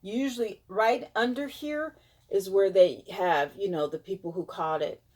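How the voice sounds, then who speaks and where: A woman's voice: medium pitch, unhurried, a little mellow. A woman vlogging, reading out statistics in a dismayed way. Her nose is stuffed up, and she sometimes drops to a whisper to react. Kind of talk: casual vlog reading statistics aloud.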